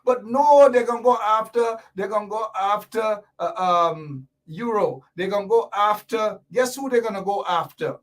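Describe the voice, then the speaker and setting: A man with a high voice hosts a lively commentary show. He hammers his points home and repeats them, with sarcastic asides along the way. He sits a little away from the microphone. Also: moderate pace, few pauses, distant mic. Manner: emphatic, repetitive, sarcastic asides. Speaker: host. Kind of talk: animated political commentary show.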